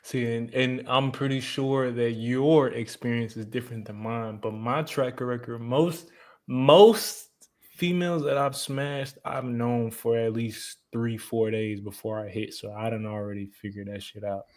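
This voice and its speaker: A man's voice: medium pitch, steady tone, a little slow. Blunt slangy man in casual chat. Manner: blunt, slangy, repeats himself mid-thought. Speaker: podcast co-host.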